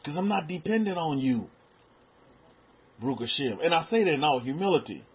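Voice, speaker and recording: A middle-aged man preaching in a relaxed, conversational way, stumbling over repeated words and dropping into soft asides. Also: a little high, fairly quick, husky. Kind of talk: sermon. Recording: dull lo-fi sound.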